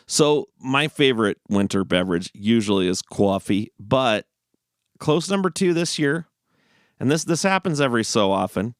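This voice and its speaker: A man's voice: mid-range voice, animated, moderate pace, no echo, clean studio sound. A man hosting a casual, rambling monologue, often repeating and restarting phrases. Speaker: host. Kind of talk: casual stream-of-consciousness monologue.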